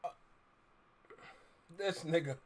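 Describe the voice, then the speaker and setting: A man's voice: fairly high pitch, slow, a little hiss or hum. A man co-hosting a reaction stream, laid-back, chiming in with short remarks. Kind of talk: casual reaction chat.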